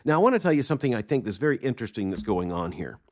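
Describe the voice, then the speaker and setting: A middle-aged man hosting a daily news commentary show, reading out news quotes and responding in a measured, emphatic way. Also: medium pitch, very animated, a little mellow. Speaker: podcast host.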